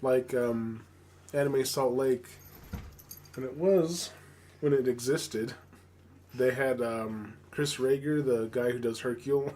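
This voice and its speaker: A man's voice: medium pitch, slow, pauses often, darkish tone. A man with a mid-range voice tells a convention story on a podcast. He laughs as he talks, and there is a faint hiss of noise behind him. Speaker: podcast co-host. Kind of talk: casual chat.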